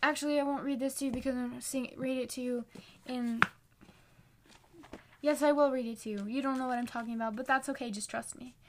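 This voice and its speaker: A young woman in her late teens, chatting earnestly and casually about faith and reading scripture, with lots of "like" fillers and quick self-corrections. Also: high-pitched, fairly even intonation, slight background noise. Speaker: faith encouragement vlogger.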